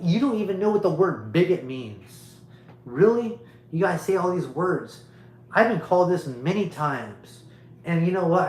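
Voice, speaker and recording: A man's voice: fairly high pitch, echoey room, rough recording. A man hosting a livestream, delivering a rambling, preachy monologue to his viewers and repeating his points emphatically. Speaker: livestream host.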